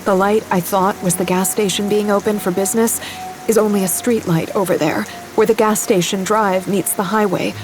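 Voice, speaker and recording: A young woman speaks in a quiet, haunted first-person monologue at a middle pitch, like the lead of an audio drama. Soft music sits behind her voice, with rain falling. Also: fairly even intonation, normal speed. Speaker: narrator and lead character.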